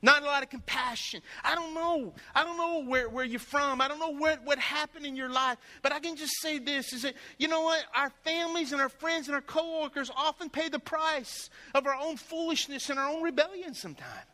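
A man preaching a sermon in a very high voice with a hard, forceful edge. He tells his stories with lively energy and acts out the voices of the people in them. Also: brisk, hardly any pauses, in a large hall. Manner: animated storytelling, acting out voices. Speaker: pastor.

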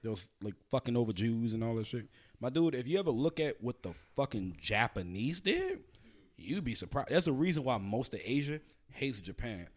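Loud, animated, profane podcast host man. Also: mid-range voice, normal speed. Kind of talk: casual podcast banter.

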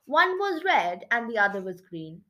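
A woman reading a children's book chapter aloud as storyteller, with expressive narration. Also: a little high, moderate pace.

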